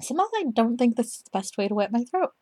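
A woman's voice: on the high side, big pitch swings, fast, a little mellow, slight background noise. Self-amused young woman practicing her voice. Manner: self-mocking, amused, laughs at herself. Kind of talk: casual voice practice monologue.

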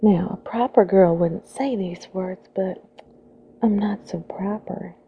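A woman putting on a sultry Southern belle. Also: mid-range voice. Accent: put-on American Southern. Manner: slow sultry drawl, words half whispered. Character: flirty adult Southern belle woman, bold. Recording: tinny phone-like audio, faint hiss.

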